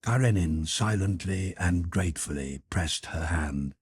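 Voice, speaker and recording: A man narrating a classic novel in a measured, calm manner. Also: deep voice, breathy edge, no room sound, studio quality. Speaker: audiobook narrator. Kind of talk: scripted narration.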